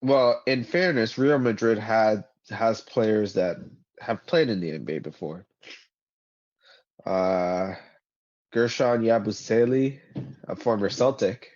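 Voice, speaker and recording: A man's voice: fairly low pitch, slow pace, pauses often, a little mellow. A man co-hosting a sports podcast in casual chat, rattling off player stats with a dry, sarcastic edge. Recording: dull lo-fi podcast audio.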